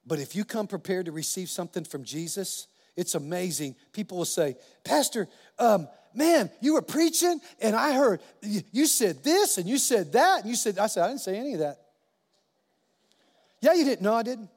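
A male pastor preaching a sermon to his congregation in a conversational, impassioned way, with quick restarts and acted asides. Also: sits high, big pitch swings, a little mellow. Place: church sanctuary. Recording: long reverb of a large hall.

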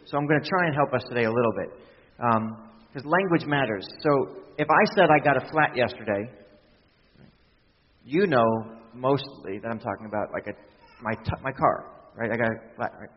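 Pastor preaching in an echoey hall. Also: male voice, mid-range voice, moderate pace, breathy edge. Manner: conversational, many restarts and asides. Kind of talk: sermon. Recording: distant hall sound, dull lo-fi.

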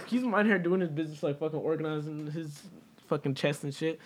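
A man's voice: a little high, brisk. A young man casually telling a gaming story, slangy and full of swearing. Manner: animated, swearing, slangy, cracking up laughing.

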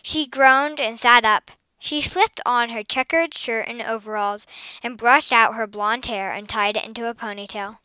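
A woman reading a children's story aloud with expressive, lively storytelling. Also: a little high, clear, resonant tone, no room sound.

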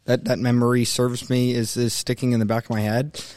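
Young male co-host, opinionated and animated, mid-pitched, dry close mic. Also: fairly quick, clear, resonant tone, no echo. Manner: animated, opinionated, mimics coaches mid-rant. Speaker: sports podcast co-host. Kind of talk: casual sports talk.

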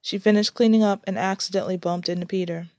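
A woman reading her own story aloud in a plain, unhurried way, with small slips and restarts. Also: medium pitch, steady tone, darkish tone, no room sound.

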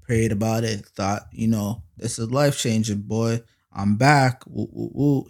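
A man hosting his own faith podcast, talking casually but preaching hard. He uses slang and fillers, and he swells louder and slower on lines of praise. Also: on the low side, fairly even intonation, vocal fry. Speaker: podcast host. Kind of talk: faith-based podcast monologue.

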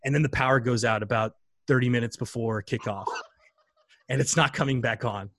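A man's voice: mid-range voice, steady tone, brisk, fairly bright tone, no room sound. A man in his thirties telling a story casually and animatedly, acting out the voices of the people in it. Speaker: guest.

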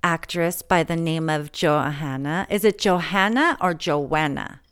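A woman's voice: low voice, moderate pace, clear, resonant tone. A middle-aged woman hosting a podcast, chatting casually and laughing easily. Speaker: podcast host. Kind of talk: casual chat.

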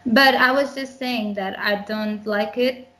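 A woman's voice: on the high side, fairly even intonation, measured pace, bright, forceful tone, poor audio. Young woman podcast cohost, kinda hesitant, restarts a lot, laughs between bits. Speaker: podcast co-host. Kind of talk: casual chat.

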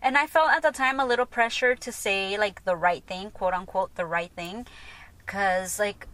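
A woman in her thirties tells her own story on her podcast, frank and conversational, with fillers scattered through her talk. Her voice sits at an ordinary middle pitch for a woman. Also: normal speed, fairly bright tone. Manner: candid, chatty, full of "like" and "you know". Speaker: podcast host. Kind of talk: personal storytelling monologue.

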